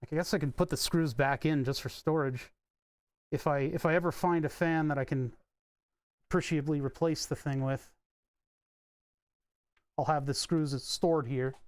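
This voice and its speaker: A man's voice: fairly high pitch, fairly even intonation, moderate pace, pauses often, dry recording. A man chatting casually on a live stream while he tinkers with electronics at his workbench, rambling and wry, with the odd swear. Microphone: desk microphone.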